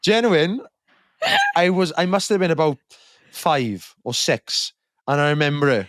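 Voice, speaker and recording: A man's voice: fairly high pitch, a little slow, no echo, clean studio sound. A young man in his twenties, co-hosting a podcast and telling a story in casual chat, acting out the voices of the people in it. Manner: animated storyteller, acts out quoted voices. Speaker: podcast co-host.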